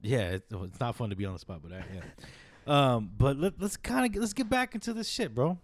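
A man co-hosting a podcast who speaks in a quick, casual, slangy way. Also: mid-range voice, lively intonation, dry recording. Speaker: podcast co-host.

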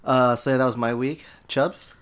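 A man's voice: medium pitch, steady tone, unhurried, a bit bright, clear, resonant tone. A young man co-hosting a podcast, chatting in an easygoing, rambling way. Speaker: podcast co-host. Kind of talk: casual chat.

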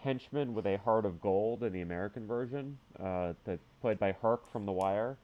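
A man's voice: fairly low pitch, normal speed, lo-fi sound. A man co-hosting a casual movie review podcast, making dry, wry remarks. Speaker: podcast co-host.

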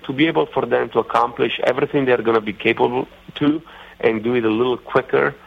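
A man with an Italian accent, a racing driver guest on a radio interview, talking haltingly with many fillers and restarts. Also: medium pitch, fairly even intonation, creaky, breathy edge. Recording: dull lo-fi radio audio.

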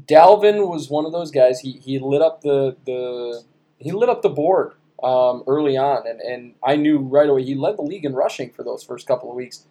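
A man in his thirties co-hosting a sports podcast, talking in an excitable, playful way. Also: medium pitch, moderate pace. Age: 30s. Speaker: podcast co-host. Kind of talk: casual sports chat.

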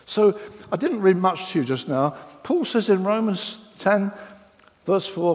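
A man preaching a sermon as a pastor, telling the story dramatically and with lively emphasis. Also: high voice, measured pace. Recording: reverberant hall.

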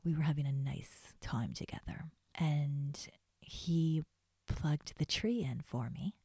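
A woman podcast host talking quietly about her own life in a soft, mostly whispered voice, close to the mic. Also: deep voice, slow, husky, dry recording. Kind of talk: whispered personal reflection.

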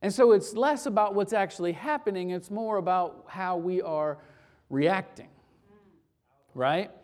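Measured in pace, with a mid-range, darkish voice, a pastor delivers a conversational sermon that includes an anecdote and a closing prayer. He keeps restarting phrases along the way.

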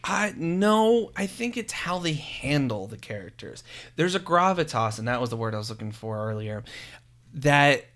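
A man in casual film chat who talks in an animated way and slips into quoted voices as he retells scenes. His voice sits at an ordinary middle pitch. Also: normal speed. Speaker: podcast co-host.

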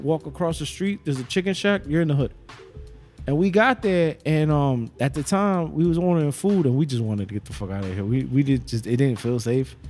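A young man with a mid-range, darkish voice co-hosts a podcast in a casual chat. He tells rambling, profane stories and laughs often.

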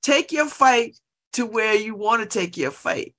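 A middle-aged woman chatting casually at home by an open window, laughing often and breaking into animated asides. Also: on the high side, unhurried. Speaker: vlogger. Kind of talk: casual monologue.

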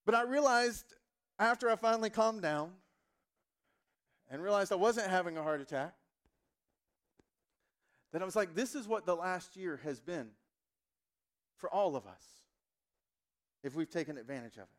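A male pastor in his thirties delivers a storytelling sermon. His voice sits notably high for a man and climbs higher and louder as he presses his point with emphatic conviction. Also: expressive, normal speed, pauses often. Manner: storytelling, emphatic, rises in pitch and volume when fervent.

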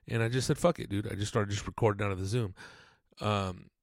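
A man's voice: lowish voice, fairly even intonation, a little fast, vocal fry, no room sound, clean studio sound. A man hosting a podcast, rambling casually and swearing often, with lots of fillers. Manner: rambling, profane, laid-back, lots of "dude" and fillers. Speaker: podcast host.

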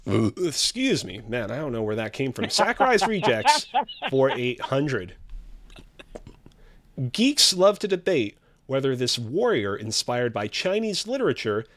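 A man's voice: medium pitch, sing-song, normal speed, few pauses, a bit bright. A man hosting a trivia game show, reading clues with a theatrical, teasing quiz-host delivery.

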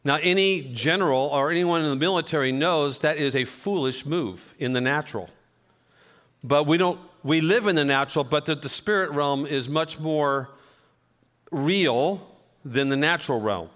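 A pastor preaching a sermon, telling conversational, self-deprecating stories. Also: male voice, on the high side, moderate pace, a bit bright. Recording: long reverb of a church hall.

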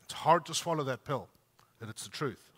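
A man preaching a sermon with emphasis. He lifts his voice when he reads scripture and drops low for quiet asides. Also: animated, moderate pace, slightly rough. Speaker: pastor. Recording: long reverb of a large hall.

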